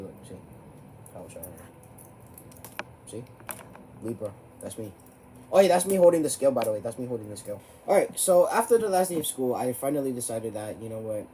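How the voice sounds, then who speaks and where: Teenage guy, mellow tone, rambling storyteller, swears a lot, pitch shoots up when riled. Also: a little hiss or hum. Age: teens. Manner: rambling, profane, voice jumps high when riled up. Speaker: vlogger. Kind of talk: casual storytelling to camera.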